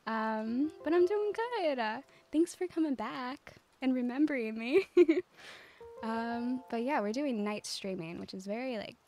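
A woman streaming a life-sim game, chatting casually with viewers in a calm, cozy way, giggling often and using lots of fillers. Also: a little high, unhurried. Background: faint game music.

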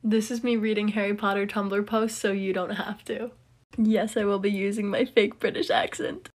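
A woman's voice: medium pitch, fairly even intonation, moderate pace. A young woman reading online posts aloud in a put-on British accent, acting out several characters and laughing through them. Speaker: content creator.

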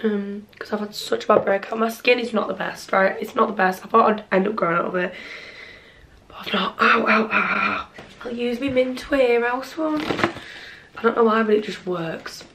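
A young woman from England, chatting casually to camera in a personal vlog, full of "like" and "um" and quick to laugh. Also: fairly high pitch, a little hiss or hum. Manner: chatty, lots of "like" and "um", laughs and swears freely. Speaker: vlogger.

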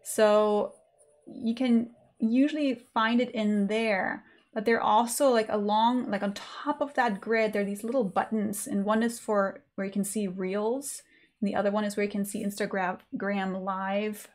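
A woman's voice: mid-range voice, steady tone, unhurried, darkish tone. A woman teaching a live online sketching lesson in a chatty, informal way with many fillers. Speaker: art teacher.

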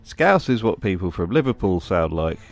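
A man's voice: low voice, sing-song, moderate pace, faint music behind. A man narrating a scripted commentary with dry, sarcastic humor. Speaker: video essay host.

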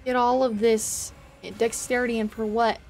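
Woman streamer, slightly high voice, exasperated, swearing, laughs a lot, faint music behind. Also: flat delivery, moderate pace, darkish tone. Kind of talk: live gameplay commentary.

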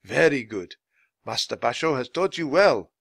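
A man voicing a stern samurai who speaks in a measured, deliberate way, in a storybook reading. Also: mid-range voice, lively intonation, vocal fry, husky, no echo, clean studio sound. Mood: approving.

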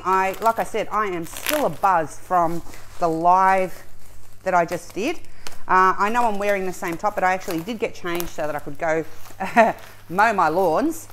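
A woman's voice: medium pitch, a little hiss or hum, low-quality recording. Bubbly woman unboxing. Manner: bubbly, excitable, chatty. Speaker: craft channel host. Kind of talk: casual unboxing vlog. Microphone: camera set up a little away.

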